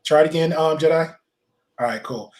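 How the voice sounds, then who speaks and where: A man with a somewhat high voice hosts a live online panel. He talks loosely, stumbling through ums and restarts as he hands the floor to guests. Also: brisk, a little mellow, rough recording. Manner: loose, hesitant, lots of ums. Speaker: host.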